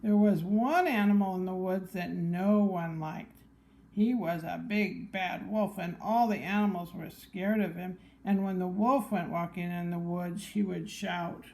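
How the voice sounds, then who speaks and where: A woman reading a picture book aloud to a child, gently pointing out the pictures. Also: on the low side, unhurried, creaky, poor audio. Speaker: storybook reader.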